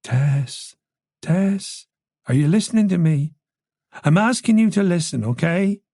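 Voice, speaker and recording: A narrator voicing a calm, reasonable Irish police chief who speaks in a soothing way. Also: male voice, fairly high pitch, unhurried, no echo, clean studio sound, voice pushed up. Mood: reassuring.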